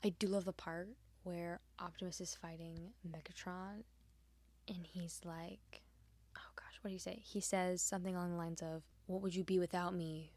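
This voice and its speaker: A woman hosting her art channel, chatting casually over a speedpaint with lots of fillers, often dropping into a soft whisper. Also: fairly low pitch, flat delivery, normal speed.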